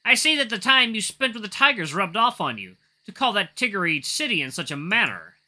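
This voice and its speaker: A man voicing a proud, fierce old female wolf elder, indignant and loud, in a visual novel reading. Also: high voice, big pitch swings, a little fast, pitched above the performer's own voice, full character voice. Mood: scornful. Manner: shouting, indignant.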